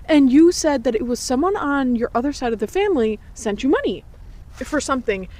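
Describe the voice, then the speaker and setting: A woman's voice: high-pitched, fairly quick. A young woman co-hosting a podcast, telling a shared childhood story in casual chat, laughing and mocking herself. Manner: lively, laughing, self-mocking. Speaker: podcast co-host.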